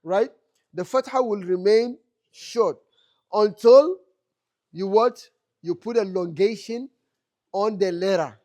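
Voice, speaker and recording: A man's voice: sits high, a little slow, darkish tone. A man teaching an Arabic class in a mosque classroom, asking the students questions and answering them himself, repeating key phrases. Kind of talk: classroom lecture.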